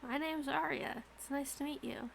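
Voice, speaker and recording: Woman with a gravelly fry, tabletop player. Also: high voice, fairly even intonation, moderate pace, crowd noise. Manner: easygoing, speaking partly in character. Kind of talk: playing a tabletop game.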